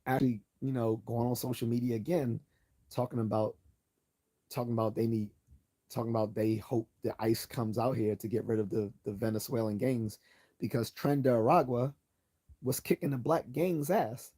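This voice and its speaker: A man hosting a late-night livestream, talking bluntly and sarcastically while hoarse from losing his voice. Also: medium pitch, fairly even intonation, moderate pace, mellow. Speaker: livestream host.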